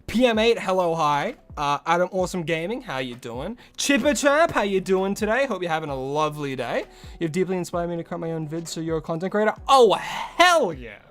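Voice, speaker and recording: A man's voice: high voice, lively intonation, fairly quick. A young man chatting casually with his live-stream audience, swearing freely and laughing often. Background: faint music.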